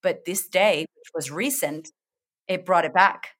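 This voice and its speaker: A woman's voice: on the low side, measured pace, a bit bright. A middle-aged woman, a confidence coach, telling stories expressively in a casual interview, acting out her own thoughts and laughing often. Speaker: confidence coach, podcast guest. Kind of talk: animated storytelling in casual interview.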